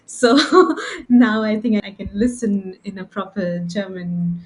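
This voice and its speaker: A woman's voice: mid-range voice, slow, low-quality recording. A woman with an Indian English accent, chatting thoughtfully on a podcast about learning languages. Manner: thoughtful, self-described nerd. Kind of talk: casual podcast chat.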